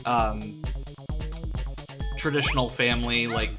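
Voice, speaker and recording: A young man with a Midwestern accent talks loosely over loud game music as he streams. His sentences wander and fill up with "like" and "uh". His pitch sits in the middle, the easy drift of a casual live stream. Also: steady tone, slow. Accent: American Midwestern. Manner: rambling, many fillers like "like" and "uh". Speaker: streamer playing a video game.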